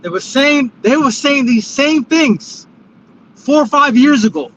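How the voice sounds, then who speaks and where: A man with a very high voice speaks casually and apologetically as he joins a livestream panel. His audio is dull and lo-fi, with a faint noise of traffic behind him. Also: animated, a little slow, fairly bright tone. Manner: apologetic, casual, repeats phrases. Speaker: panel guest.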